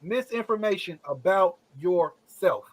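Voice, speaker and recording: A man's voice: sits high, lively intonation, a little slow, rough recording. A man hosting a casual group discussion, asking probing questions and repeating them to press the point. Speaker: podcast host, discussion leader.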